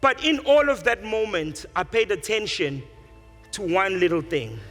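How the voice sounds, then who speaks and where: Man, high voice, lively keynote storyteller, faint music under. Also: a little slow. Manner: animated storyteller acting out characters. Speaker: speaker. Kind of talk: motivational speech with storytelling.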